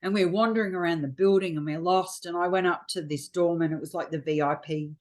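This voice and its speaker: A woman's voice: fairly low pitch, fairly even intonation, brisk, darkish tone. A middle-aged Australian woman, a frank, chatty guest telling stories in a casual interview. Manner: frank, chatty storyteller acting out quotes.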